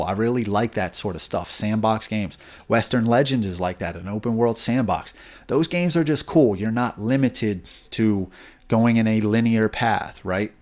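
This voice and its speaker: A man's voice: on the low side, darkish tone. A man hosting a board game channel, talking casually and enthusiastically with loose restarts. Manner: enthusiastic, rambling with fillers and restarts. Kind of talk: casual video review and speculation.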